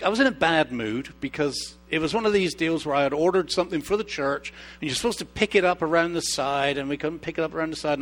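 A middle-aged male pastor preaching a sermon, telling personal stories that swing from hushed, slow emphasis to animated outbursts. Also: a little high. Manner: expressive storyteller, shifts from hushed to animated.

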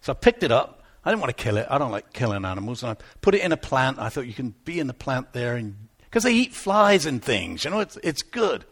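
A man's voice: medium pitch, big pitch swings, a little fast, fairly bright tone, slightly rough. A middle-aged man preaching a Sunday sermon, retelling a scripture story and personal anecdotes with acted-out quotes and humor. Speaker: pastor.

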